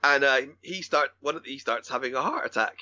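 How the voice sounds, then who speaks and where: A man's voice: mid-range voice, lively intonation, fast, bright, forceful tone, dull audio. A man co-hosting a film podcast, retelling scenes in a rambling way with many restarts and acted-out quotes. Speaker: podcast co-host. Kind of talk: casual film discussion.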